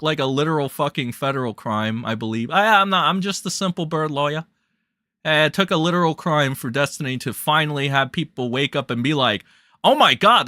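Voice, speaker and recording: A man's voice: fairly high pitch, pushed and bright, no room sound, studio quality. A man ranting as a commentary streamer, profane, sarcastic and incredulous.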